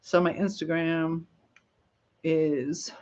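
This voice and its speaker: A woman's voice: sits low, level tone, extremely slow, darkish tone. Rambling woman on lo-fi livestream. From Michigan, USA. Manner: rambling, reads viewer comments aloud, laughs often. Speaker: livestream host. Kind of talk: casual live chat.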